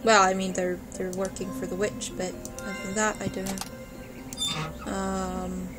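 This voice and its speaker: A woman's voice: medium pitch, flat delivery, unhurried. A woman hosting a gaming video, chatting playfully and exclaiming at objects she finds, over game music. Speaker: let's play host. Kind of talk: gaming commentary.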